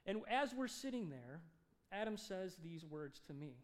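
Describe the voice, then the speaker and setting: A male pastor preaching a sermon, telling a story with animated delivery and acted-out dialogue. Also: sits high, moderate pace. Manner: animated, acts out dialogue in his stories.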